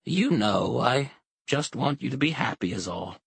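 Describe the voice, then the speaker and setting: A man voicing a frail elderly mother who is flustered and confused, exclaiming in a shrill, fretful voice. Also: expressive, unhurried, vocal fry, slightly rough, dry recording, heavily acted.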